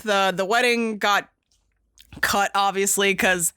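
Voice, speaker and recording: Young woman, podcast host, bright tense voice, dry close sound, casual swearing recap. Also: mid-range voice, slow, smooth, no echo. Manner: excited, profane retelling with lots of fillers.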